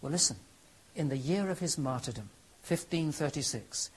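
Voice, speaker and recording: Male lecturer with a slightly raised pitch, earnest and emphatic, telling history to an audience. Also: moderate pace, breathy edge, rough recording. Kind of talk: historical lecture with dramatic readings.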